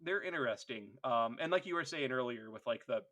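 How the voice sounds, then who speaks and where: A man's voice: mid-range voice, lively intonation, a little fast, a bit bright. A man co-hosting a casual podcast chat, laughing often and swearing as he tells stories. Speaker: podcast co-host.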